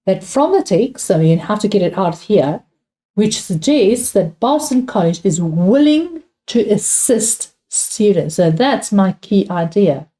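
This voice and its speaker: Patient, mellow-voiced woman teacher, South African. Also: mid-range voice, very animated, a little slow. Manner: patient, repeats key points, asks students questions. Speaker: English teacher. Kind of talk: exam revision lesson.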